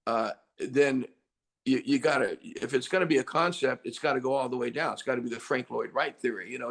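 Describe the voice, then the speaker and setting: An older male rock singer talks through an interview with a gravelly, rough-edged voice at a middle pitch. He tells his stories with energy and often acts out what others said, jumping up loud for the quoted lines. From United States. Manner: animated storyteller, acts out quotes loudly. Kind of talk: casual interview chat.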